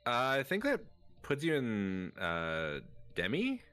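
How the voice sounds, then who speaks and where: A man's voice: medium pitch, huge pitch swings, slow, fairly bright tone, clear, resonant tone, soft background music. A man streaming live, chatting casually while drawing, thinking aloud and swearing now and then.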